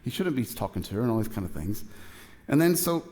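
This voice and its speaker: Middle-aged male pastor, mid-pitched voice, casual storyteller who acts out the dialogue in his sermon. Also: fast talker. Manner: animated storytelling, acting out both sides of a dialogue; casual, chatty, with many fillers and asides.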